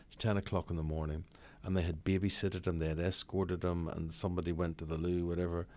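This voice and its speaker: A Northern Irish man in his sixties, a broadcaster telling lively, blunt anecdotes as an interview guest. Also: sits low, fast. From Northern Ireland. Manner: lively raconteur, blunt, swears freely. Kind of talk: anecdotal storytelling in conversation.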